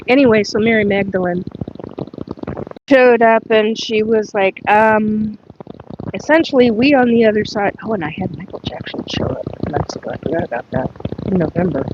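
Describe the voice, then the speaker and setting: A woman hosting a casual spiritual livestream, talking in a halting, rambling way with many fillers and asides to viewers, her voice a little cracked. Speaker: livestream host. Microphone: earphone mic plugged in. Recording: dull lo-fi livestream audio with faint rumble.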